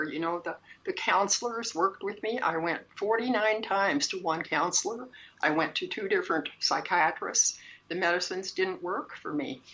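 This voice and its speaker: A woman who is a shaman and spiritual teacher tells a personal story in an interview, her voice on the low side, bright, and forceful. She is earnest and emphatic, often repeating her phrases, and the recording has a dull lo-fi sound.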